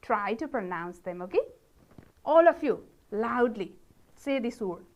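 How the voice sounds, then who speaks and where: A woman with a Nepali accent teaches English pronunciation to young pupils, voicing each word slowly and clearly for them to repeat. Her voice is fairly high and swings up and down in a sing-song way. She cheers every attempt with a quick "good". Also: lively intonation, darkish tone. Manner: slow, drawn-out model words with encouraging praise. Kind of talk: classroom pronunciation lesson.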